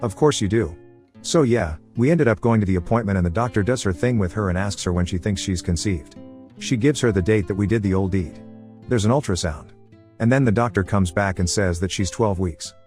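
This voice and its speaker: A man reading an online story aloud in a casual first-person way, over soft guitar music. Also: lowish voice, a little fast. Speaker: story narrator. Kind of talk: reading a reddit post aloud.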